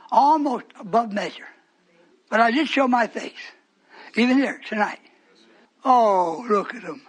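A male preacher giving a fiery sermon, repeating phrases for emphasis and swinging between shouts and hushed whispers. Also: very high-pitched, husky.

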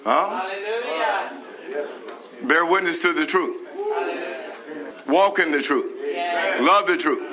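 A pastor preaches with fervor, his voice sitting a touch high for a man. He scolds and exhorts, dropping in hallelujahs and praises. The sound of a gathered congregation runs behind him throughout. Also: takes it slowly, pauses often, a crowd in the background. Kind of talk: sermon broadcast live.

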